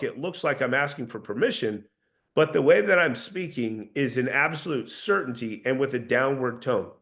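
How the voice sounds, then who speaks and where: A man's voice: medium pitch, a bit bright. A man coaching a sales team in a casual, earnest talk, often restarting his sentences. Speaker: sales trainer.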